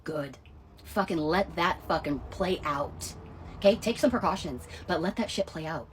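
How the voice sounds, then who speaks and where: A woman rants to camera with blunt profanity and biting sarcasm. Her voice is very husky and breathy. Her pitch swings widely as she moves between low grumbling and loud disbelief. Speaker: social media commentator. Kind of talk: angry rant to camera.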